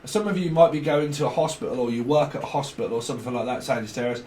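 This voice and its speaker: In an echoey room with faint background noise, a man races through a rambling tarot reading in a medium-pitched, darkish voice. His talk is casual, with the odd swear word and little snippets of dialogue he acts out.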